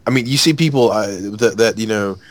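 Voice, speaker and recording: A man's voice: lowish voice, a little fast. Blunt, cursing man in casual chat. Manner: blunt, profane. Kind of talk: casual chat about video games.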